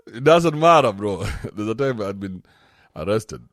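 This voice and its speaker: A man hosting a casual podcast, joking and ranting with a lot of animation. His voice sits fairly low but jumps all over the place in pitch. The sound is close and dry. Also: a little slow, no room sound. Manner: animated, joking, swings into mocking put-on voices. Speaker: podcast host.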